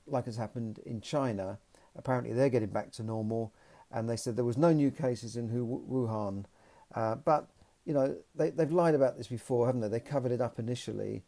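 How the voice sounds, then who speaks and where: Man, podcast host, mellow tone, opinionated, rambling commentary. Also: medium pitch, vocal fry.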